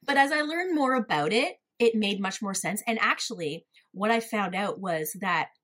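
A woman's voice: mid-range voice, normal speed, fairly bright tone. A woman spiritual coach as a podcast guest, talking in casual chat in an earnest, reflective way.

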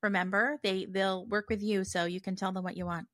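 A woman's voice: mid-range voice, little pitch movement, brisk, fairly bright tone, dry recording, studio quality. A woman hosting her own podcast, talking casually on her own with lots of fillers and restarts. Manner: conversational, many fillers and restarts. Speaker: podcast host. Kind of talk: casual solo podcast monologue.

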